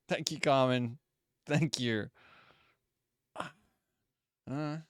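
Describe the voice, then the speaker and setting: Live on stream with a racing game, this young man keeps up loose commentary, cursing freely and saying sorry to viewers about audio problems. The medium-pitched voice is smooth, the sound clean and studio-like with no room sound.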